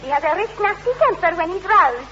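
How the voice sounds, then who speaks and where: A flirty Scottish operator. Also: female voice, lively intonation, a little fast, sharp tone, a little hiss or hum, exaggerated voice. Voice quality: shrill, giggly sing-song. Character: flirty, gossipy Scottish village operator woman. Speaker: village telephone operator. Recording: dull lo-fi radio recording.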